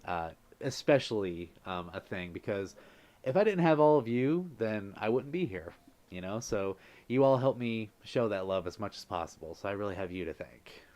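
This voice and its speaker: A man's voice: fairly low pitch, expressive, normal speed, a little mellow. A man hosting a casual livestream, effusive and laughing often as he thanks viewers. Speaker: livestream host.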